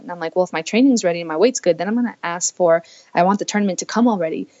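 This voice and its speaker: A woman's voice: on the low side, fast talker, darkish tone, lo-fi sound. A woman in her twenties from the United States, telling her own story earnestly as a podcast guest and voicing her past thoughts aloud. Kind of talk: candid personal storytelling.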